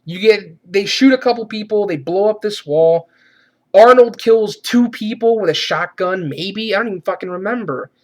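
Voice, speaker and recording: A man reviewing a movie in a profane, exasperated rant, swearing often and shouting to mock the characters. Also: sits high, moderate pace.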